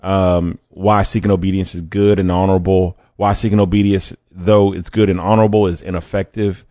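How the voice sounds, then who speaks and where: A man's voice: deep voice, little pitch movement, a little fast, warm tone, no room sound, muffled recording. A man hosting a faith podcast, talking conversationally with fillers, restarts and rhetorical questions. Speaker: podcast host.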